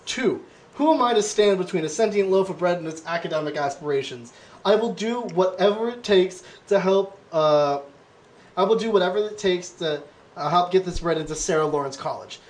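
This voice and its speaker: A man's voice: high-pitched, expressive, fairly quick. Playful man reading quiz questions. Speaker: podcast host. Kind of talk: casual comedic chat.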